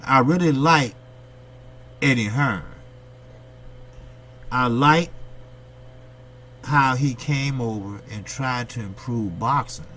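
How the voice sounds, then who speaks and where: A man's voice: medium pitch, slow pace, long pauses, fairly bright tone. Guy ranting about boxing to his viewers, blunt n cussing, regular mid voice, bit of hum behind. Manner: blunt, profane, ranting delivery; talks straight to his viewers, with rhetorical questions. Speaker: boxing channel host. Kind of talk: opinionated boxing commentary monologue.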